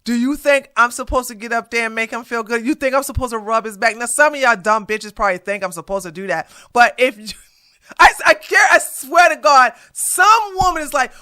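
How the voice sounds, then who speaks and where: A woman's voice: on the high side, moderate pace, bright, forceful tone. A woman hosting reaction commentary, blunt and mocking, with a profane edge. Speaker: commentary host.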